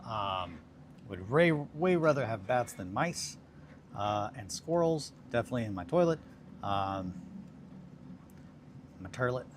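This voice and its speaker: Man, low voice, casual rambling chat, self-deprecating, crafting on a hobby livestream, audible background noise. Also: animated, unhurried.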